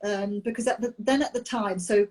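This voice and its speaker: A young adult woman, a nanny, talking candidly about a personal experience with many pauses and restarts over a video call. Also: mid-range voice, fairly even intonation, darkish tone. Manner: open, halting, with many ums and restarts. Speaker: nanny sharing her IVF experience.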